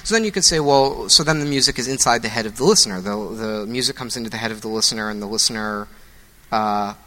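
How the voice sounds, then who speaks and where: A man's voice: mid-range voice, fast talker, sharp tone. A man in a casual philosophical chat, thinking aloud and restarting his sentences. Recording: long hall reverb.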